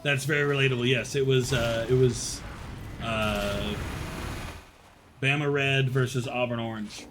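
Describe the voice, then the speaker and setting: Chatty and quick to laugh, a young northern Alabama streamer with a faint Southern accent talks to his viewers and replies to chat between plays. His medium-pitched voice comes through over background noise.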